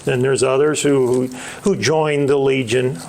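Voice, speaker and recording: A middle-aged man tells a family story at a slow, unhurried pace, with a gravelly edge to his voice. He speaks haltingly and often restarts his sentences. A faint hiss sits under the recording. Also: medium pitch, steady tone, darkish tone. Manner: halting, many restarts and fillers. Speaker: author. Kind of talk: storytelling book talk.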